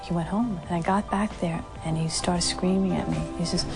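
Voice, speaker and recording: A woman recounting personal memories in an interview, acting out what others said to her with lively shifts in voice. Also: fairly low pitch, moderate pace, hardly any pauses, music in the background. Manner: acts out quoted dialogue with lively shifts. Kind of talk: candid storytelling interview.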